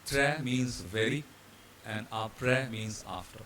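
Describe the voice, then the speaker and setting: A man's voice: on the low side, slow pace, fairly bright tone, slight background noise. A man from India, a hotel training instructor, explaining pronunciation rules over slides, spelling out letters, with some fillers and restarts. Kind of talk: slide-based pronunciation lesson.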